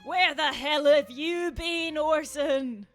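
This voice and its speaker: A woman's voice: mid-range voice, lively intonation, takes it slowly, dry recording, soft background music. A woman voicing a stern, imposing Scottish king who is blunt and dismissive with his son. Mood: angry.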